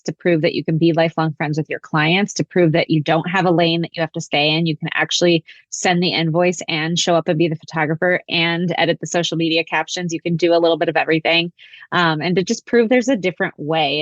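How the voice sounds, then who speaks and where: A woman's voice: sits low, dry recording, dull audio. A woman guest on a podcast speaking earnestly, repeating phrases for emphasis. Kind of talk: casual chat.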